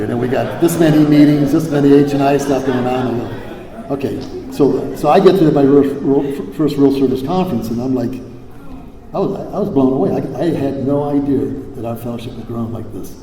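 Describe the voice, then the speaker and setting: A man's voice: mid-range voice, a little fast, warm tone, slight background noise. An older man from Hawaii speaking at a recovery convention, rambling with many fillers and restarts and some salty language. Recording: echoey hall, faint ambience.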